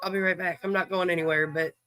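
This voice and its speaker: A woman's voice: on the low side, steady tone, fast talker, pushed and bright, no echo, poor audio. A woman hosting a live stream card game, chatting with viewers in a folksy, teasing, profane way while coughing and short of breath. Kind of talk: casual chat with viewers.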